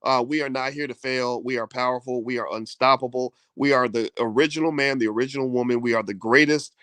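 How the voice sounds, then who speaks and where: Middle-aged guy hosting his own video, fired up, lots of uh and repeats, plain pitch, dry close sound. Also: fairly even intonation, brisk, fairly bright tone, clean tone, dry recording. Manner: fervent, repeats himself, many fillers. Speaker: host. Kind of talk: casual video talk.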